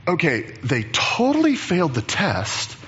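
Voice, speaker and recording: A man preaching a sermon as pastor, animated and chatty, acting out the voices of Bible figures. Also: fairly high pitch, unhurried, husky, dull audio.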